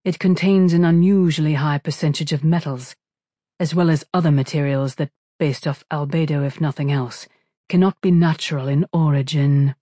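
A narrator voicing an ancient ship mind that explains in measured tones and whispers in a low register. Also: steady tone, no echo, clean studio sound, close to an everyday voice. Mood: explaining. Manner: measured, then hushed whisper.

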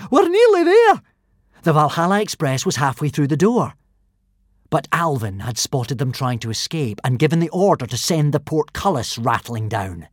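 A man narrating a children's adventure storybook in an expressive, animated reading style. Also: mid-range voice, no room sound, studio quality. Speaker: audiobook narrator.

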